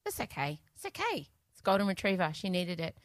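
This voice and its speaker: A woman's voice: on the low side, huge pitch swings, brisk, no echo. A woman with an Australian accent, hosting a podcast in casual, laughing chat. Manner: chatty, laughing, swearing. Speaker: podcast host.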